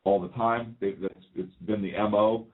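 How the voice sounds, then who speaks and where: A man's voice: lowish voice, steady tone, normal speed. Talk radio co-host guy, jokey, keeps asking stuff, tinny phone-line audio. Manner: joking, questioning, repeats himself. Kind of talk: political talk radio banter.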